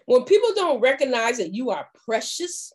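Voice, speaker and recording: A woman giving a faith-based motivational talk as a confidence coach, acting out little dialogues in an animated way. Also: high voice, normal speed.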